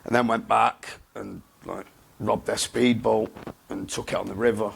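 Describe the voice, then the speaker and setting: Gravelly-voiced man. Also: lowish voice, level tone, slight background noise. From England. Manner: blunt, halting, repeats himself. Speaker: interview guest. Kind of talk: candid personal interview.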